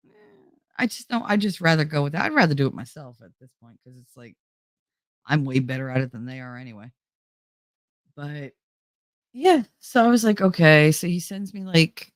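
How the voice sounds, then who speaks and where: A woman with a low voice hosts her own show, chattily retelling a story and quoting what people said, even though she's feeling unwell. Her delivery is brisk and animated, captured in a dry, studio-quality recording.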